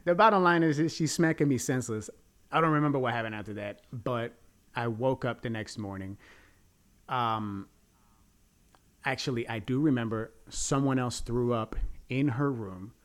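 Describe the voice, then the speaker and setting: A man hosting a podcast in casual chat, rambling and crude as he tells his stories. His voice sits at an ordinary middle pitch. He is animated and talks loosely, with plenty of restarts. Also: moderate pace. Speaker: podcast host. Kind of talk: casual storytelling.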